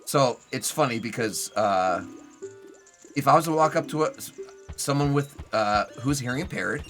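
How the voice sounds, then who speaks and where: Bright-voiced chatty male streamer. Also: mid-range voice, normal speed, faint music behind. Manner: rambling, chatty, heavy on "like" fillers. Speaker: Twitch streamer playing a video game. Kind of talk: casual live gameplay commentary.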